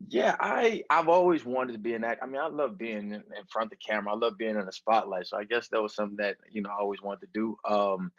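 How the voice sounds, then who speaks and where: A man from New Orleans with a New Orleans accent, answering interview questions in an animated, candid way. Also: on the low side, quick pace, few pauses, no echo, lo-fi sound. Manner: animated storyteller, candid and emphatic. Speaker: actor guest.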